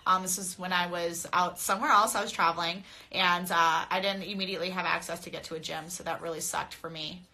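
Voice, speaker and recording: A woman's voice: fairly low pitch, fairly even intonation, a little fast, hardly any pauses, sharp tone. A young adult woman fighter chatting casually on a phone live stream, blunt and profane, often laughing as she talks straight to her viewers. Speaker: mixed martial arts fighter. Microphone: phone camera.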